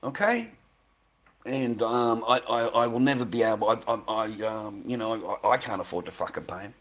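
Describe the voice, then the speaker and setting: Speaking at a moderate pace in a lowish voice, a middle-aged man with an Australian accent vents furiously at the camera. This vlogger is profane, repetitive, and keeps tripping over his words.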